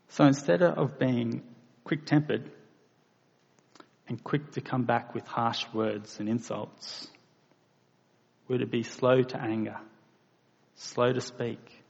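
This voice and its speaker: A man delivers a sermon at an unhurried, measured pace, his voice gravelly with a touch of fry. He rises into emphatic bursts on key points. The recording is dull and lo-fi, with a long reverb tail as if in a large hall. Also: mid-range voice, steady tone. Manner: slow, deliberate preaching with emphatic bursts. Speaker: preacher.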